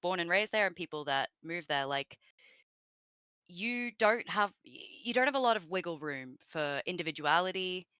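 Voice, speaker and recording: A woman's voice: fairly low pitch, animated, moderate pace, sharp tone, clear, resonant tone, no echo. An Australian woman guest in a casual interview chat, rambling and filling her talk with asides. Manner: chatty and rambling, with many fillers and asides. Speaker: voice actress guest.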